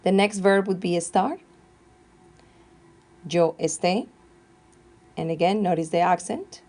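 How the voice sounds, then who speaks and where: A woman teaching Spanish grammar, slowly and carefully dictating verb forms one at a time. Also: on the low side, darkish tone. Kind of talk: classroom grammar lesson.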